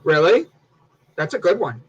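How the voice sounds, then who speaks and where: A young man hosting a morning talk show, loud and teasing, prone to sudden high-pitched yelling. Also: very animated, moderate pace, breathy edge, lo-fi sound. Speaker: host.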